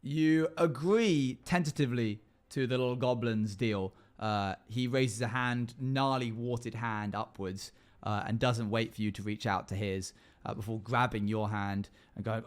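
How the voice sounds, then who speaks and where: A man's voice: medium pitch, fairly even intonation, unhurried. A man streaming live, casually narrating a choose-your-path adventure for his chat with lots of fillers and restarts. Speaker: streamer running an interactive adventure.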